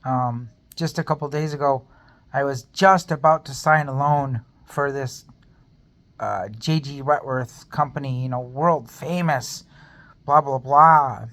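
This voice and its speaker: A man's voice: mid-range voice, measured pace, fairly bright tone. Earnest rambling man vlogging his faith. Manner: earnest, rambling, speaks openly of his pain. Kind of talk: personal faith testimony vlog.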